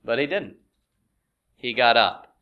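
A man's voice: mid-range voice, expressive, slow, lo-fi sound. A middle-aged man preaching a sermon, asking rhetorical questions and acting out quoted voices with rising intensity. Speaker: pastor.

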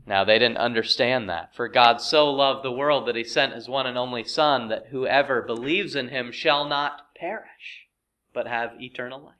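With a sharp, mid-range voice, a middle-aged pastor delivers a sermon that builds in intensity as he poses rhetorical questions and acts out quoted voices.

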